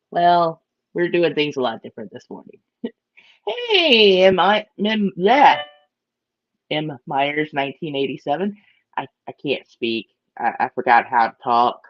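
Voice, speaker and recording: A bubbly woman chats through a casual morning live stream and greets viewers by name. Her pitch swings up and down with a lot of life. The audio is dry and a bit dull. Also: expressive, unhurried, no echo. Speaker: aquarium live-stream host.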